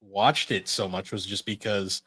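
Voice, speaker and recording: A man's voice: fairly low pitch, steady tone, a little slow, pushed and bright, breathy edge, no room sound, studio quality. A man co-hosting a podcast in casual chat, rambling and laughing at his own jokes. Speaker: podcast co-host.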